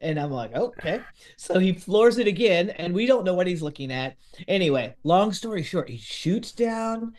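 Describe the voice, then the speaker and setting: A man telling a story in lively podcast chat, acting out what others said. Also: sits high, moderate pace. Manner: lively, acts out quotes of others.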